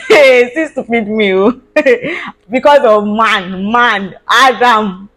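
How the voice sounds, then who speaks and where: A young woman vlogger with a Nigerian English accent tells a personal story casually, slowly, in a voice on the high side. She's animated, laughs often, and mixes in Pidgin slang.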